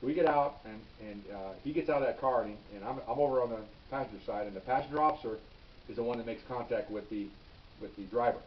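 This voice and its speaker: Older ex-cop telling a story from afar. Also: male voice, mid-range voice, fast, slight background noise. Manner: plain-spoken, repeats words, checks in with "okay?". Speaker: retired police officer. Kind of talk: casual spoken storytelling. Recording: distant, dull lo-fi recording.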